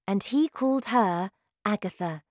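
A woman reading aloud who voices a gentle, kind young woman teacher, speaking softly and calmly. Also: medium pitch, measured pace, no room sound, studio quality, natural voice. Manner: soft, calm.

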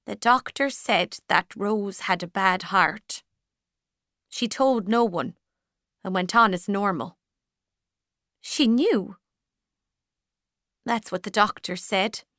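A woman reading a storybook, voicing a widowed older mother who speaks slowly and quietly in grief. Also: mid-range voice, dry recording, clean studio sound. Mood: sorrowful. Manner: slow and quiet. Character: widowed older Irish mother, grieving, lonely.

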